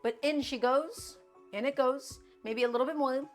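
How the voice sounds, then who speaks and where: A woman's voice: high-pitched, normal speed, faint music behind. A woman streaming from her home kitchen, chatting and coaching viewers through each cooking step. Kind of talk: live-stream cooking chat.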